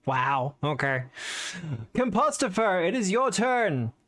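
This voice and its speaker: A man's voice: high-pitched, big pitch swings, slow, a bit bright. A man acting as game master, giving easygoing, matter-of-fact rulings in a tabletop session. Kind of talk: running a tabletop game over voice chat.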